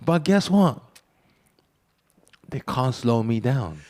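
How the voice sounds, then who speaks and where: A man, a boxer being interviewed, joking and telling animated stories with frequent laughter. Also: medium pitch, slow. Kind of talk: casual interview banter.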